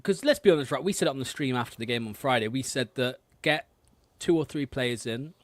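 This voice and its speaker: A man's voice: mid-range voice, a little fast, no room sound. A man co-hosting a long live fan stream from home, blunt and casual in his banter. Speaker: fan podcast co-host.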